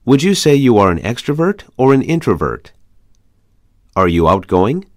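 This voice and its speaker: A man reading English conversation practice questions aloud in a measured, even way. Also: lowish voice, no echo, studio quality. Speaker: English lesson reader.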